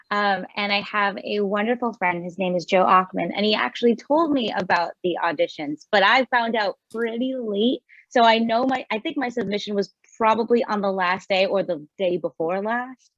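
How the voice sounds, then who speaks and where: A woman from New York City on a video call, telling her story as a voiceover contest winner in a bubbly, quick way. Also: medium pitch, no room sound, muffled recording. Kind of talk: casual video call chat.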